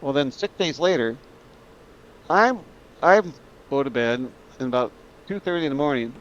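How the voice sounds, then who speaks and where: A man's voice: on the high side, expressive, moderate pace, a bit bright. A chatty man joining an interview as a co-guest, relaying a story and quoting others along the way. His audio sounds slightly dull and muffled, with a light background hiss. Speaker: co-guest, UFO investigator.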